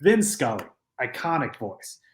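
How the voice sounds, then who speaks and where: A man co-hosting a sports podcast in a studio, talking in a measured way and building his points with pauses. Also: mid-range voice, sing-song. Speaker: podcast co-host. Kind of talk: casual sports chat.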